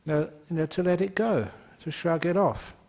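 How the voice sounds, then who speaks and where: A man's voice: a little high, normal speed, a little mellow. A man, a Buddhist monk, giving a dharma talk and telling stories playfully while laughing at his own jokes.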